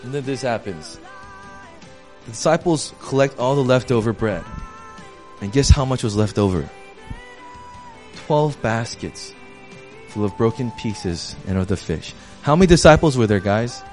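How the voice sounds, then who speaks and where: A young man giving a casual, conversational sermon as a youth pastor, animated and full of slang. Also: medium pitch, a little slow, long pauses, faint music behind.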